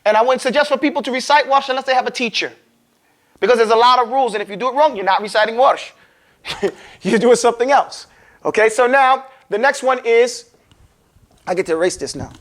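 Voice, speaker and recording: In a classroom, a man teaches Quran recitation in a casual way, joking with and quizzing his students as he slowly sounds out words. His voice is very high and a bit bright.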